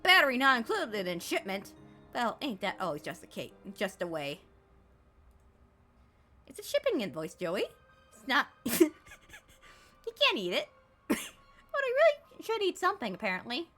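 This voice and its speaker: Lively, bright-voiced woman streamer. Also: medium pitch, unhurried, long pauses, soft background music. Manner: animated, jokey, mocks the game text. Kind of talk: reading game text aloud with playful commentary.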